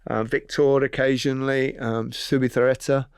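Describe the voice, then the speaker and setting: A man hosting a casual chat, telling stories in a relaxed way and laughing easily. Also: medium pitch, moderate pace, smooth, no room sound, clean studio sound. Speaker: podcast host.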